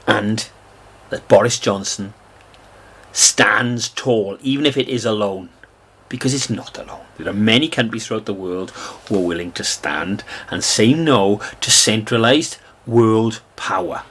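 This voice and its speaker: A man from Britain giving an angry, scornful political rant, swinging between loud outbursts and low mutters. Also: husky. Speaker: political commentator.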